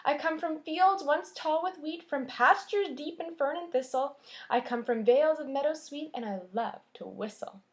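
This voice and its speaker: A woman voicing a gentle, polite little hen bird in a storybook, speaking softly and musically. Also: high-pitched, normal speed, voice pushed up, lightly acted. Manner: soft, musical, courteous.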